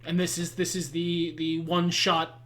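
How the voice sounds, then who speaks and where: A man co-hosting a casual game session, enthusiastically pitching ideas. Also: monotone, normal speed, a bit bright. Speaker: co-host. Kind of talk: casual chat while playing a booking game.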